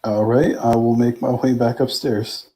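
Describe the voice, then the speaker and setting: A man's voice: mid-range voice, little pitch movement, unhurried, warm tone, a little hiss or hum. A man playing a tabletop game, talking in a casual, blunt way with fillers. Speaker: player.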